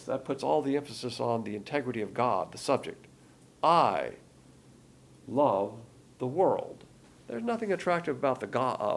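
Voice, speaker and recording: A man's voice: medium pitch, vocal fry, darkish tone, husky. A man giving an emphatic Bible lesson in sermon style, often repeating key words and stopping to restart his sentences. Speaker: Bible teacher.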